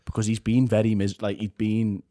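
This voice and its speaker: A podcast co-host with a lowish male voice talks in loose, casual chat. He sounds chatty and animated and often breaks into laughter. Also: brisk.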